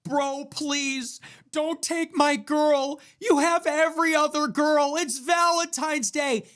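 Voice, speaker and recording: A man's voice: very high-pitched, steady tone, takes it slowly, fairly bright tone, pitched above the performer's own voice, full character voice. A man putting on the voice of a young man desperately begging someone not to take his girlfriend, whiny and pleading.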